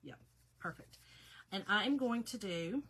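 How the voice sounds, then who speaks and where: A woman in her fifties, a little hoarse, chatting casually with viewers by name during a crafting live stream. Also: mid-range voice, animated, unhurried, fairly bright tone. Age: 50s. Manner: chatty, talks to viewers by name, laughs often. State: slightly hoarse, recovering.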